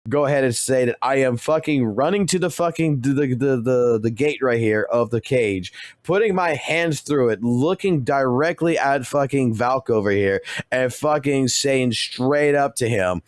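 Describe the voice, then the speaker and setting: A man's voice: medium pitch, normal speed, dry recording, studio quality. A male streamer casually rambling through a story with constant swearing and restarts.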